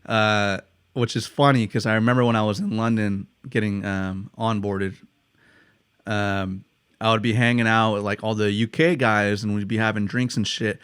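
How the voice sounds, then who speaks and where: A man's voice: lowish voice, fairly even intonation, moderate pace, a bit bright, clean tone, dry recording, clean studio sound. A young man from the United States co-hosting a podcast, chatting casually with lots of swearing and laughter. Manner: swears a lot, laughs while telling stories. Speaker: podcast co-host. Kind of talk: casual chat.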